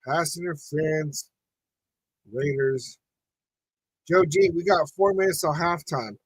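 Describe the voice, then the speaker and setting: Husky-voiced man calling a game live. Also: fairly high pitch, slow pace, no echo, poor audio. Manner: frustrated, reacting to the game, talks to chat. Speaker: podcast host. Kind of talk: live watch-party commentary.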